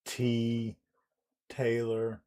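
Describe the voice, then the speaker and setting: A man talks slowly on a live stream, musing and hesitant as he works through his ideas aloud. His voice sits at an ordinary middle pitch and often drops to a quiet mumble as he trails off. He chuckles between remarks. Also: completely flat delivery. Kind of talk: casual thinking aloud on stream.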